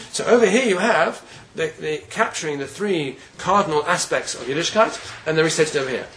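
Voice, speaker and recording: A man giving a Torah lecture, earnest and deliberate, often repeating words while he searches for the next phrase. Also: a little high, gravelly, a bit bright, a little hiss or hum, poor audio. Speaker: rabbi giving a Torah class.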